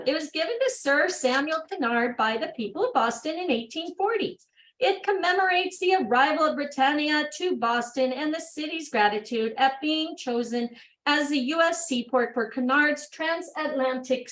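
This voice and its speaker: A woman hosting an online workshop over a video call. She reads training material aloud at a brisk clip and breaks off for upbeat, chatty asides. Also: sits high, animated, fairly bright tone, low-quality recording. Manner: brisk reading broken by upbeat exclamations. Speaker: workshop host.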